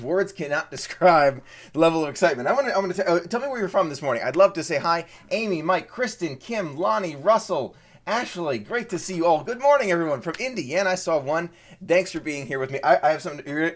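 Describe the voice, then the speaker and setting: A man from Maryland hosting a live stream, casually chatting and greeting viewers. He sounds eager and excitable and often repeats words. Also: on the high side.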